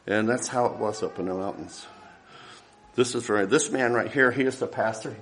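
Low-voiced man telling ministry stories. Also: normal speed, fairly bright tone. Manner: rambling storytelling with restarts and chuckles. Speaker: missionary giving a ministry update. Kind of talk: casual slideshow talk.

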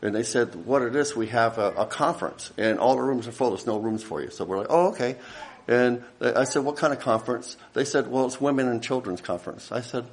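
A man's voice: mid-range voice, fairly quick, hardly any pauses. A middle-aged man, a missionary, tells stories in a casual, rambling way while showing pictures, often restarting and chuckling. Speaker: missionary giving a ministry update. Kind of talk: casual slideshow talk.

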